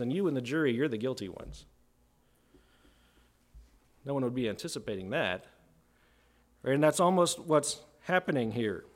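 A pastor gives an expository sermon in a conversational way, often checking in with "right?" He slows down to stress points and rises in pitch and volume when acting out quotes.

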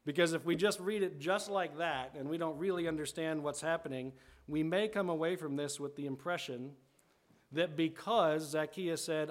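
A man's voice: a little high, moderate pace. A man preaching a sermon as a pastor, conversational, often checking in with the congregation and rephrasing as he explains scripture.

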